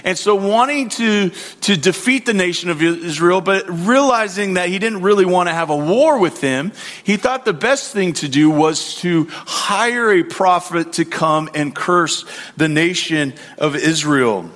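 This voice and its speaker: A man preaching a sermon, retelling a scripture story with animated acted quotes and frequent restarts. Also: sits high, measured pace.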